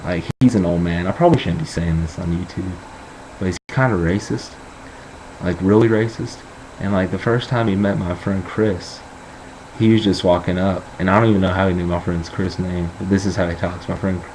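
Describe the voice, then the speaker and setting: Deep-voiced young guy joking around. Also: fairly even intonation, normal speed, a little mellow, slight background noise, low-quality recording. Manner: rambling, joking, boastful. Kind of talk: casual vlog chat.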